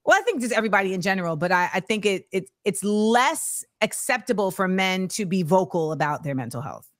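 A woman hosting a talk show in casual chat, animated, laughing and slipping into slang. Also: mid-range voice, brisk, no echo, clean studio sound. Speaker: host.

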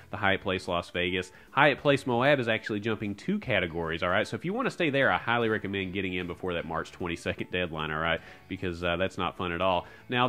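Guy with a lowish voice rattling off travel deal news quick, upbeat, keeps saying "all right?". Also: a bit bright. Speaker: host of a credit card and travel channel. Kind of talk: casual news roundup to camera.

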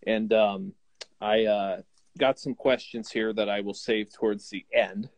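A man's voice: fairly low pitch, fairly even intonation, a little slow, no room sound, poor audio. A man hosting a casual livestream video call, talking hesitantly with many fillers. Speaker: host of a fan livestream. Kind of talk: casual group video chat.

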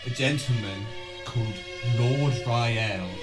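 A man's voice: medium pitch, slow, loud music behind the voice. A man hosting a casual podcast, joking in a dry, crude way. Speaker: podcast host.

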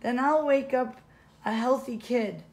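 A woman's voice: high-pitched, measured pace. A woman reading as a pleading little boy. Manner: pleading, earnest. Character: young boy stalling at bedtime.

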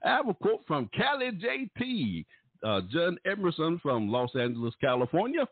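Lively man hosting gospel radio, tinny. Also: moderate pace, breathy edge, dry recording. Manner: showy, playful announcer with sudden pitch jumps. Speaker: radio host. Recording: tinny, phone-like, dry sound.

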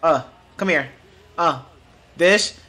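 A young man streaming his reaction to basketball highlights, hyped and slangy, repeating short catchphrases. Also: takes it slowly, bright, forceful tone. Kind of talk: excited live reaction commentary.

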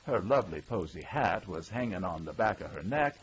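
Lively, husky-voiced male storyteller. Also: low-pitched, brisk, rough recording. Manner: folksy old-timey storyteller, lively character voices. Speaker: audiobook narrator. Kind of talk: scripted storytelling narration.

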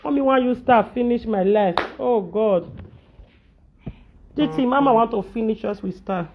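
A woman's voice: fairly high pitch, moderate pace, muffled recording, noisy background. A woman with a Nigerian accent giving an emotional monologue to camera, pleading and ranting, slipping into chanted lines in a local language. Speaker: social media personality.

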